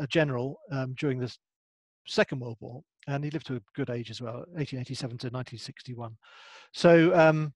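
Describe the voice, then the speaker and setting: A man's voice: mid-range voice, dry recording. A man, a family history expert giving a hesitant presentation with many ums and restarts. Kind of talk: online presentation.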